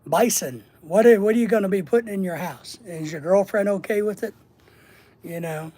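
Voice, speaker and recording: This middle-aged man hosts a casual livestream, reading the chat aloud and answering it with rambling jokes. His voice is high and dark-toned at a normal pace, and he tends to repeat words and run through lists.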